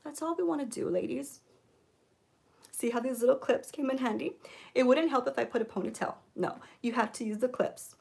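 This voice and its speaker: A woman giving a mock makeup tutorial, coaxing viewers with deadpan ironic influencer patter and frequent "okay?"s. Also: sits high, brisk, vocal fry. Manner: coaxing, keeps repeating "okay?". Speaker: beauty vlogger.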